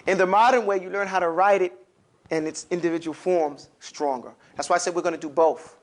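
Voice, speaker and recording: A man's voice: high-pitched, fairly quick. A man teaching an Arabic alphabet class, explaining and drilling syllables emphatically for students to repeat in a classroom.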